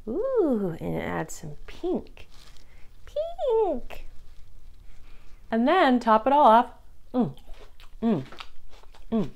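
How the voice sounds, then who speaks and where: A woman making a salad on camera, gushing over the food, exclaiming and humming her approval as she works. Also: medium pitch. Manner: murmurs and hums of approval. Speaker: cooking vlogger. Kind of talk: casual cooking demonstration.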